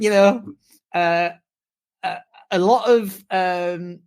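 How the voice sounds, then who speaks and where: British man, podcast co-host, tired, lively storyteller, fairly high voice. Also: takes it slowly. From United Kingdom. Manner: swearing, animated storytelling with mimicked whoops. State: exhausted from jet lag. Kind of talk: casual chat.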